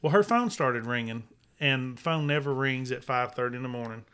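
A man's voice: medium pitch, a little fast, fairly bright tone, smooth. A man with a Southern US accent co-hosting a casual talk show, folksy and chiming in to finish his partner's sentences. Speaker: podcast co-host. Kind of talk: casual storytelling chat.

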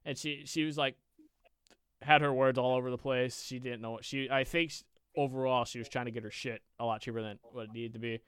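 A man's voice: mid-range voice, steady tone, fairly quick, a bit bright, clean tone, no room sound. A young man co-hosting a podcast, telling a long rambling story full of swearing and "I was like". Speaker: podcast co-host. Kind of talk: casual storytelling chat.

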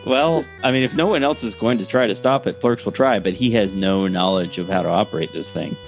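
A man's voice: lowish voice, fairly quick, soft background music. A man playing a tabletop game, chatting casually and thinking aloud with some hesitation. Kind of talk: casual play chat.

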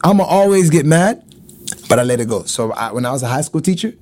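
A middle-aged man in casual chat, animated and laughing often, acting out loud quotes. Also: a little high, fast talker.

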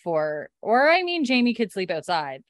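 A woman's voice: medium pitch, sing-song, normal speed, dry recording, studio quality. A woman casually recapping a TV episode as a podcast co-host, chatty and giggly, acting out the characters' lines. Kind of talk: casual chat.

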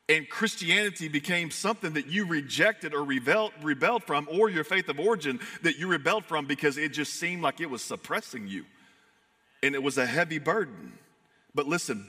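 A man preaching a sermon in an earnest, emphatic way, swinging from fired-up to hushed. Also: on the high side, long reverb tail. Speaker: pastor.

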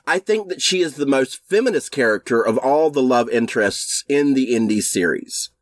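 A man's voice: mid-range voice, animated, normal speed, no echo. A man co-hosting a casual film podcast, blunt and opinionated, swearing and ranting for laughs. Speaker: podcast co-host.

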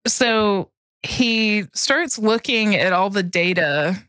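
A woman co-hosting a podcast tells a story at an unhurried, drawn-out pace, breaking into giggles and dropping the odd swear word. Her voice is recorded close and dry, with no room sound around it. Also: medium pitch, animated, a bit bright, clear, resonant tone, no room sound. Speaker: podcast co-host. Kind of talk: casual chat, storytelling.

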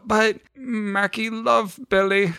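A man voicing a loyal, dying little male dog that talks slowly and weakly in simple broken grammar. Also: high-pitched, little pitch movement, gravelly, pushed and bright, clear, resonant tone, no echo, clean studio sound, pitched above the performer's own voice, full character voice. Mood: tender. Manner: slow, weak, childlike broken grammar.

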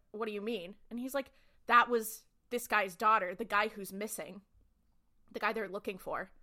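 Bright-voiced woman recapping a show. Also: mid-range voice. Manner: quick, lively retelling with quoted lines. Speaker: podcast co-host. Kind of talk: casual recap chat.

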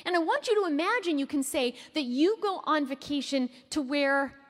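A woman from Canada in her thirties giving a fast, playful keynote speech, quizzing her live audience with questions and quick asides. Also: sits high, lively intonation. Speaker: keynote speaker. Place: large hall before an audience. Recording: long hall reverb.

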